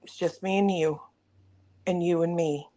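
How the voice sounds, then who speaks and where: A woman's voice: fairly low pitch, fairly even intonation, measured pace, dark tone. A woman co-hosting a casual online show, chatting playfully and joking to the audience while waiting on her partner. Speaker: co-host. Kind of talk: casual livestream chat.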